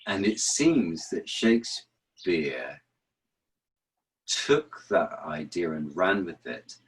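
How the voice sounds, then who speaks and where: Guest, male actor, very low voice, lively storyteller who taps out rhythms. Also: slow pace, rough recording. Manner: animated storyteller, chants rhythms aloud. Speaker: actor and author, interview guest. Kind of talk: relaxed explanatory interview talk.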